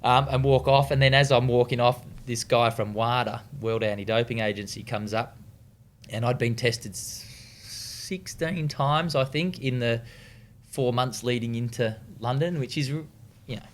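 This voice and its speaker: A retired distance runner, a man with an Australian accent, tells stories as a guest in a casual interview, laid-back and swearing freely, with lots of fillers and restarts. His voice sits mid-range at a moderate pace, with slight background noise.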